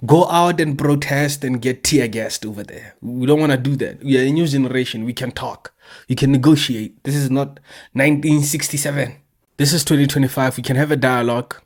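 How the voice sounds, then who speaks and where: A man delivering an indignant, mocking political monologue as a commentator. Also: mid-range voice. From South Africa. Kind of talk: impassioned monologue.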